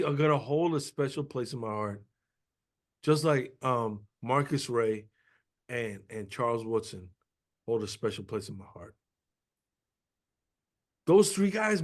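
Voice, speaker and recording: A man's voice: medium pitch, fairly bright tone. A man in the middle of his range talks through a casual sports podcast. He rambles and gets sentimental, circling back and restarting his thoughts. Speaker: podcast co-host.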